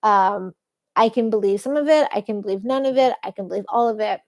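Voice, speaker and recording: A woman's voice: medium pitch, a little fast, a little mellow. A young woman talking unscripted in a personal vlog, rambling and candid, with casual swearing, sitting on a bed at home. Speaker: vlogger. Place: bedroom with an ocean view.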